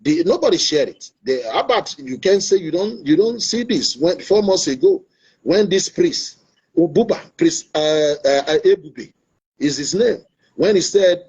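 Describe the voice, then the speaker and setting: A Nigerian man hosts an online talk show, delivering an earnest, preachy, opinionated monologue and repeating his points. His voice sits high with lively intonation, a darkish, slightly rough tone and moderate pace. The online stream audio is dull and lo-fi.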